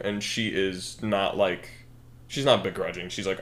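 Rambling young man, lowish voice. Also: steady tone, moderate pace, a bit bright, slight background noise. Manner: rambling, thinks aloud with fillers and self-corrections. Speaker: podcast co-host. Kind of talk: casual podcast chat, brainstorming a story.

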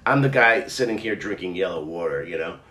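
A middle-aged man chatting casually as a co-host, telling stories in a rambling, animated way with many restarts. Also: sits low, brisk. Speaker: podcast co-host. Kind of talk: casual chat. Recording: roomy echo.

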